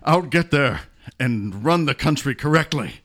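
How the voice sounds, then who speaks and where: A man playing a bumbling figure who insists he is Canada's leader, speaking slowly and self-importantly in an improv comedy sketch. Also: mid-range voice, animated, fairly bright tone. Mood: determined.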